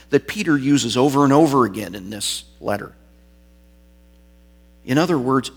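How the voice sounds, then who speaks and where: A man's voice: medium pitch, breathy edge. A male pastor preaching an expository sermon, reading and explaining scripture with varied emphasis.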